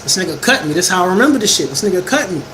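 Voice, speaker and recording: A man telling a story to a livestream chat in casual, profane slang, animated and often laughing. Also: high-pitched, rapid-fire, background noise.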